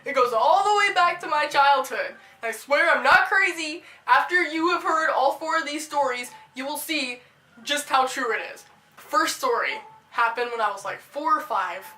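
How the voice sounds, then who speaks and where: A woman telling funny personal stories in an animated storytime vlog, excitable and given to bursts of loud yelling. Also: high-pitched, moderate pace. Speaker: storytime vlogger. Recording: echoey room.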